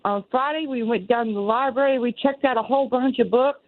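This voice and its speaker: A woman in her sixties with a Southern US accent talks through a tinny phone line. Her voice sits fairly high for a woman. She rambles earnestly and circles back over her own words, with a dry, close sound. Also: fairly quick, no echo. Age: 60s. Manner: rambling, earnest, repeats herself. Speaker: caller. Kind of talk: call-in radio talk. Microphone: telephone.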